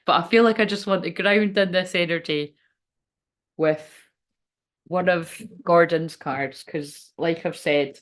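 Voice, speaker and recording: A woman's voice: lowish voice, steady tone, a little slow. A woman hosting a spiritual channel, chatting casually on a livestream, rambling, swearing freely and breaking off mid-thought.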